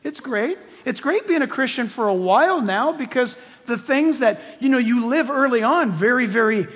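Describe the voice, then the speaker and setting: Animated male preacher, husky tone, sermon in a reverberant church hall. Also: extremely high pitch, moderate pace. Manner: animated, swings from loud to hushed. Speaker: pastor.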